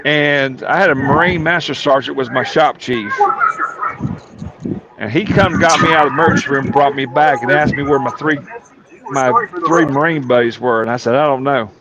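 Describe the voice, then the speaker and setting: A man's voice: mid-range voice, moderate pace. A man telling rowdy stories in a folksy drawl, peppered with cursing. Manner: folksy drawl, colorful profanity. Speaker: storyteller on a talk show. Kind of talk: casual storytelling. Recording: dull lo-fi sound, faint room noise.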